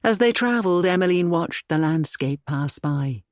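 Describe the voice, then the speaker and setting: Romance audiobook narrator, even and steady, mid-range voice, dry close recording. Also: medium pitch, moderate pace, dry recording.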